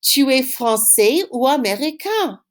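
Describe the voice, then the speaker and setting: A woman leads a recorded French lesson for pupils at home, saying each word slowly so it can be repeated and cheering them on. Her voice sits a little high and swoops lively up and down. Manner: encouraging, upbeat praise. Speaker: French teacher. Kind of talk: recorded online language lesson.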